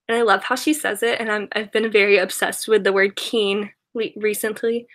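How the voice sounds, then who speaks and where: A young YouTuber answers viewers on a live stream in a slightly bright mid-range voice with little pitch movement, speaking at a moderate pace. She rambles casually, restarting often, using lots of fillers, and giggling throughout.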